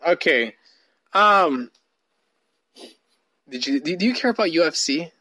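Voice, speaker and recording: A man's voice: on the high side, expressive, unhurried, pushed and bright. A man co-hosting a casual couple podcast, joking crudely and swearing often. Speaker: podcast co-host.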